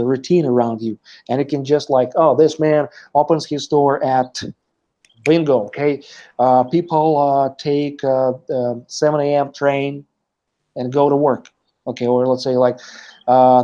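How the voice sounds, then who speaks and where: A man's voice: medium pitch, warm tone, muffled recording. A male teacher giving a live online lesson, explaining step by step with many hesitant fillers. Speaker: language teacher.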